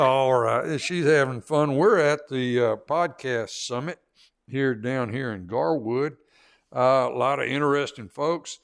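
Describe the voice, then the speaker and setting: A middle-aged man hosting a radio interview, folksy and relaxed with a lot of laughing. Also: medium pitch, measured pace, gravelly. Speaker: radio show host. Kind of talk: casual interview.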